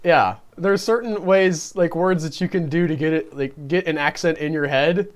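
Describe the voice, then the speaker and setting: A man's voice: fairly high pitch, moderate pace. A man co-hosting a live-streamed movie review podcast in casual chat, talkative and self-deprecating, often laughing. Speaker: podcast co-host.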